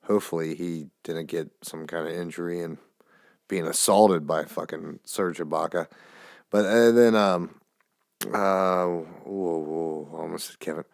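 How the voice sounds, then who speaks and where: A man's voice: deep voice, steady tone, unhurried, gravelly, dry recording, clean studio sound. A man hosting a podcast, rambling loosely through a casual monologue and swearing now and then, recorded on a phone. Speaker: podcast host. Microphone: phone camera.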